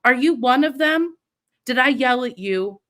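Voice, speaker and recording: A woman's voice: high voice, lively intonation, a little slow, fairly bright tone. A middle-aged woman hosting a livestream, ranting with defiant profanity and mocking imitations of her critics. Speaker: livestream host. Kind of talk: heated livestream rant.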